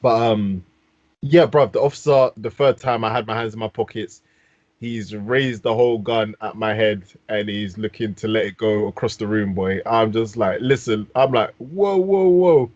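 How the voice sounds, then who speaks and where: London guy yarning away on a podcast, slangy and lively, dull dry sound. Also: fairly low pitch, normal speed, no room sound. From London, England. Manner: animated storyteller, London slang. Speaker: podcast host. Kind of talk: casual storytelling.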